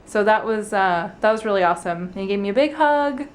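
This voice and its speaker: A woman's voice: medium pitch, lively intonation, brisk. A young woman chatting casually and bubbly to her vlog camera about her day. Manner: bubbly and apologetic. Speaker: vlogger, the host's wife.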